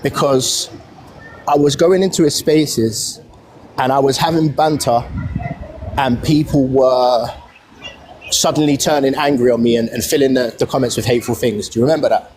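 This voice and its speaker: Calm British man mediating a live. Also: medium pitch, moderate pace, slight background noise. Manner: calm, steering the talk. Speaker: live stream host.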